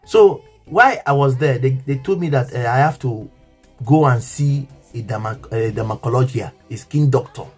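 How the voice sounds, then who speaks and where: A man's voice: mid-range voice, moderate pace, a little mellow, breathy edge, faint music behind. A man with a Nigerian English accent telling an emotional story to his viewers, earnest and repetitive, often asking if they understand.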